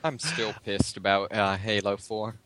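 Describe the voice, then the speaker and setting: A man's voice: fairly low pitch, unhurried, fairly bright tone, dry recording. A man co-hosting a casual gaming podcast, grumbling and stammering as he makes his points. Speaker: podcast co-host.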